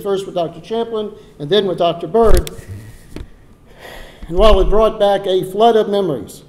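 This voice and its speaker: An older man with a Texan drawl delivers an earnest ceremonial speech at a podium. His voice sits a bit high for a man yet sounds mellow and warm, and he now and then repeats a word before carrying on. Faint noise hangs behind him. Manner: heartfelt, earnest, with occasional repeated words and restarts. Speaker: donor giving a dedication speech. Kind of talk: ceremonial speech from prepared remarks. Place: ceremony hall.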